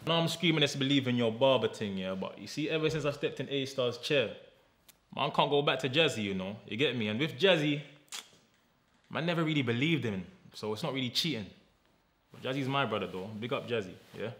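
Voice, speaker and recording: A man's voice: mid-range voice, expressive, fairly quick, fairly bright tone. A man playing a barbershop customer in a comedy sketch, laid-back and slangy. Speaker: customer character.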